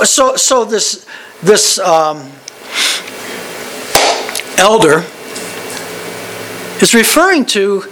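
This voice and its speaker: A man's voice: high-pitched, noisy background. A man teaching a Bible study in a conversational way. He is digressive and often restarts and repeats words.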